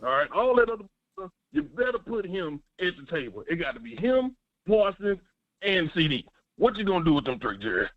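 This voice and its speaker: A man calling into a sports radio show, talking fast and fired up, with lots of repetition and cussing. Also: sits high, no room sound. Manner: animated, swears, preachy repetition. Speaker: caller. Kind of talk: excited sports call-in. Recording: muffled phone line.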